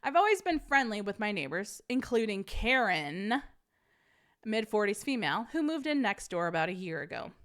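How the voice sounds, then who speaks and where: A woman's voice: mid-range voice, big pitch swings, moderate pace, a bit bright. A woman hosting a casual live-streamed podcast, chatting with viewers and reading a story aloud, laughing often.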